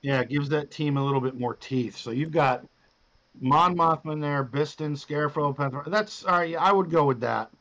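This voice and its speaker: A man's voice: on the high side, moderate pace, fairly bright tone, low-quality recording. A man hosting a podcast, casually coaching a guest through his game with loose, profane instructions. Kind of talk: casual chat.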